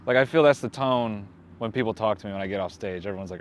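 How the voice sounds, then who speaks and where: A man's voice: on the low side, quick pace, slight background noise. A man who is a comedian, guesting on a podcast and riffing in a self-deprecating way. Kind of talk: casual comedic chat.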